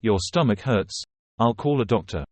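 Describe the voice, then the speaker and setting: A man's voice: on the low side, animated, normal speed, darkish tone, dry recording, natural voice. A man reading as an earnest army general. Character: earnest male general, grateful and worried.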